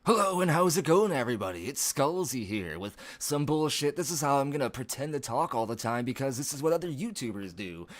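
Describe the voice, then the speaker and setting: A man's voice: medium pitch, sing-song, a little fast, few pauses, pitched above the performer's own voice, natural voice. A man voicing a fake, over-the-top cheerful male YouTuber host persona as a mocking impression. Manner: exaggerated bright showman delivery.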